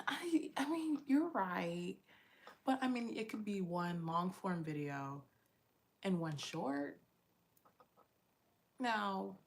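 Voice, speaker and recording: A young woman with a low voice talks through her week in a casual late-night chat. She is encouraging and chatty, laughs a lot, and often trails off mid-sentence. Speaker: content creator.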